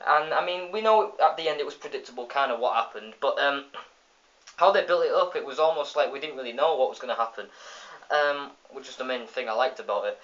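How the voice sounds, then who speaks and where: A man of ordinary middle pitch talks casually through a cartoon episode's plot. He rambles, trips over his words and starts sentences again. The sound is dull and lo-fi, as if from a phone. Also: a bit bright. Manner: rambling retelling with many restarts and fillers. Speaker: episode reviewer. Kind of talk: casual spoken episode review.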